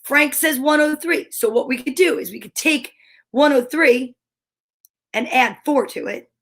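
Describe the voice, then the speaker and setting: A woman's voice: high voice, unhurried. A woman hosting a casual live stream from home, chatting playfully and reading viewer comments aloud.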